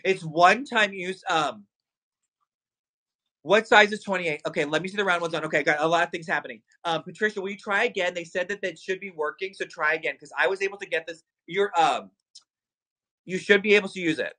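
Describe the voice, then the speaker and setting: A man hosting a live shopping stream with a bright, forward voice pitched a little high. He talks fast and excitably, hyping each product and calling out to his viewers. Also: rough recording. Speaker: livestream shopping host. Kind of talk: live sales stream chat.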